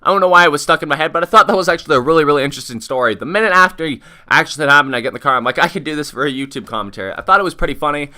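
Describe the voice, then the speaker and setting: A man's voice: fairly high pitch, rapid-fire, hardly any pauses, clean tone. A young man telling a story in a casual vlog, swearing freely and acting out what was said. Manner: profane, animated retelling with many quoted asides. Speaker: vlogger.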